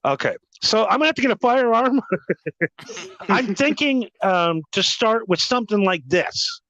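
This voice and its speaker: A man's voice: high-pitched, lively intonation, measured pace, bright, forceful tone, dry recording, low-quality recording. A man hosting a podcast in casual chat, crude and joking, laughing often. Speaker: podcast host.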